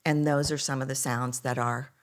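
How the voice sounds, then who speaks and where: A woman voice coach talking as a podcast guest, animated, telling stories and acting out other people's voices. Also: a bass voice, normal speed. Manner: animated storyteller, acts out voices. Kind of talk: conversational podcast interview.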